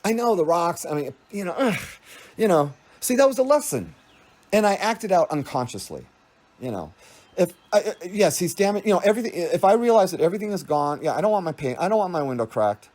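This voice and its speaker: A man's voice: sits high, very animated, quick pace, a little mellow. A man giving a rambling spiritual monologue, meandering and restarting his thoughts, often laughing. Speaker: spiritual speaker.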